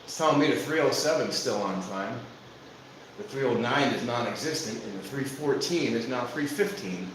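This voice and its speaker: Waiting at an outdoor station during his casual trainspotting stream, the host grumbles, sounds exasperated and talks to himself. He has a medium-pitched, expressive voice and a moderate pace, and there's noise in the background.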